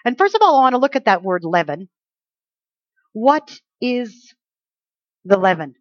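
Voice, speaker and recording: A woman with a slightly high voice walks through a Bible passage in a chatty, teaching manner, often tossing in rhetorical questions to her listeners. The recording is dry and a little muffled. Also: sing-song, measured pace, no room sound.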